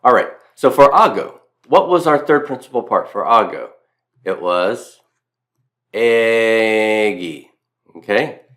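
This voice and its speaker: A man's voice: medium pitch, sing-song, normal speed, fairly bright tone. A man from Mississippi with a Southern accent, giving a recorded grammar lecture as a teacher, stressing and repeating key points with self-deprecating asides. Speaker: Latin teacher.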